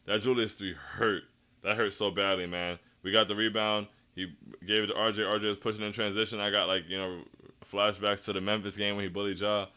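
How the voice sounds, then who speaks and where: A man hosts a postgame livestream and reads chat comments aloud. He sounds dejected and down, often stopping to restart a thought. His voice sits low yet comes across bright and clear. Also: flat delivery, brisk. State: down after a loss. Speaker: stream host.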